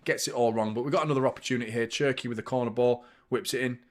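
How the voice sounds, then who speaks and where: A man's voice: medium pitch, fairly even intonation, rapid-fire. A young man hosting a live football watchalong, commenting on the match and swearing freely as he gets heated.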